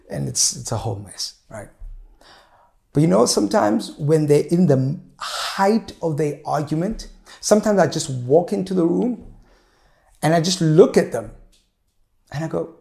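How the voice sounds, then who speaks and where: A man in his thirties, a pastor preaching a sermon in a measured way, slowing down to stress key points. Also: on the high side, lively intonation, creaky, mellow. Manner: measured preaching, slows for emphasis.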